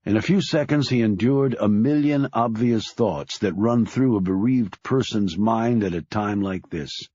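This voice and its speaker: A man reading a thriller audiobook in a grave, measured way, dropping low on sad lines. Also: mellow, no echo, highs cut off. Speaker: audiobook narrator. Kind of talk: scripted audiobook narration.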